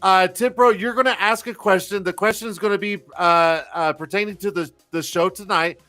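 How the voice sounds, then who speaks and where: High bright-voiced guy in his 40s, cussing, rambling host chat. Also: steady tone, a little fast. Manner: profane, rambling, self-mocking. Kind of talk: casual live-stream chat.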